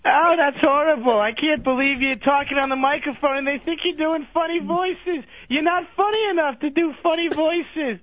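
Squeaky old-man caller, fawning and rambling over a thin phone line. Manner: slow, rambling, cries out in pain. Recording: tinny phone line, dry.

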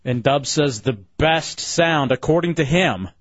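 A man's voice: fairly high pitch, no room sound, highs cut off. A man hosting a casual call-in radio show, laughing and teasing his co-hosts and callers. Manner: laughing, teasing, quick back-and-forth.

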